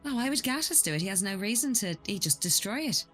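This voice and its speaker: Lively, hesitant woman at a tabletop game. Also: mid-range voice, fast, faint music behind. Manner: hesitant, many fillers, lively speculation. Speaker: player. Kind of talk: tabletop role-play in character.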